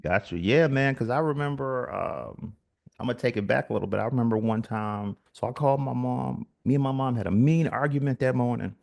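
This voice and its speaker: A man's voice: mid-range voice, brisk, vocal fry, darkish tone. A man hosting an interview, chatting casually and telling stories. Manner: storytelling, acts out quoted voices. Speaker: podcast host.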